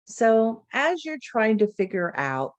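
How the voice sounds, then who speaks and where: A woman literacy educator presenting a webinar lecture over a video call, modelling speech sounds aloud slowly and deliberately. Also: fairly high pitch, big pitch swings, no room sound, muffled recording.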